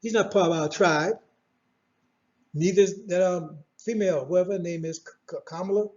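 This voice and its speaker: High-voiced preacher man, dull recording. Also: moderate pace, darkish tone. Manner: preachy, repetitive, confrontational, rhetorical questions. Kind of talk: sermon.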